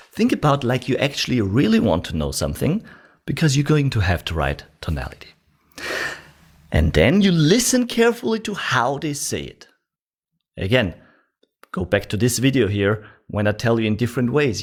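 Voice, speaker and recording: Husky, animated male sales trainer. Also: medium pitch, moderate pace. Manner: animated coaching, demonstrating tonality in quoted lines; addresses viewer directly with instructions. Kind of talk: online sales course lecture.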